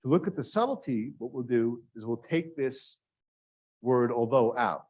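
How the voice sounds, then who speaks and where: A man's voice: mid-range voice, normal speed, darkish tone. Man, workshop lecturer, engaging, talks to the class, asks questions. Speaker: grant writing workshop instructor. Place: classroom with live and remote audience.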